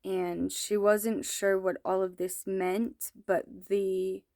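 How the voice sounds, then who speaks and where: A mother slowly and earnestly recounting a troubling dream, with hesitant pauses. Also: mid-range voice, little pitch movement, a little mellow, dry recording, studio quality. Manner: slow, earnest, hesitant storytelling. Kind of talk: personal testimony.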